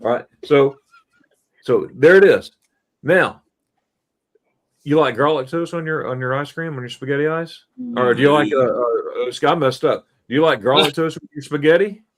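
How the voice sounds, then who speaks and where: A middle-aged man hosting a casual live stream, telling animated stories and quizzing his listeners as he goes. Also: on the high side, moderate pace. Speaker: host.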